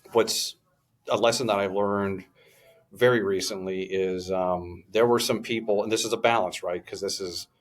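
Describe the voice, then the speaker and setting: A man co-hosting a podcast, sharing his business experience in a reflective, rambling way. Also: lowish voice. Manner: reflective, rambling, many fillers and restarts. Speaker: podcast co-host and business owner. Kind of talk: casual podcast conversation.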